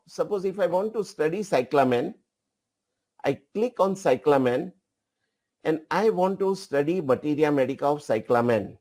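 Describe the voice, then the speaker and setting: A man leads a software training session, directing an assistant and repeating his phrases as he goes. He speaks slowly with a fairly high but mellow tone. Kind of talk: live software demonstration.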